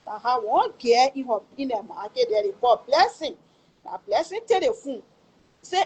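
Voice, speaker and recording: In an emotional personal story at normal speed, a middle-aged woman with a Liberian English accent describes a family tragedy, dramatizing the quoted dialogue with exclamations. Her high voice has lively intonation and a darkish, husky tone, though the audio is poor.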